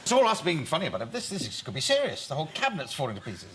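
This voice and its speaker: A man making quick quips on a comedy panel show, often laughing. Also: fairly high pitch, huge pitch swings. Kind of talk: comic panel banter. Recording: noisy studio with audience.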